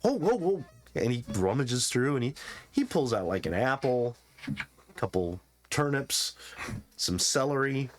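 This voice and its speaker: A man's voice: medium pitch, animated, measured pace, pauses often. A man running a tabletop game as game master, narrating in a playful, chatty way.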